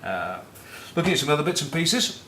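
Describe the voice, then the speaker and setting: A man's voice: a little high, sing-song, brisk, bright, forceful tone. Man, Northern English accent, middle-aged, former rugby captain, casual sweary chat, roomy echo, faint noise. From northern England. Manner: rambling, cheeky, swears freely.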